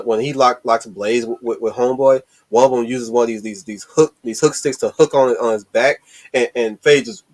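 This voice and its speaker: A man hosting a casual movie discussion stream, excited and rambling, with lots of restarts and swearing. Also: medium pitch. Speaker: host.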